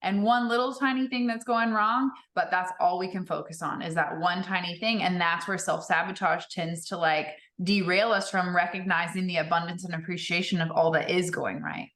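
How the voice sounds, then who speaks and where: A woman coaching high achievers, speaking in a measured, thoughtful way. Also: steady tone, a bit bright, roomy sound. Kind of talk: casual chat.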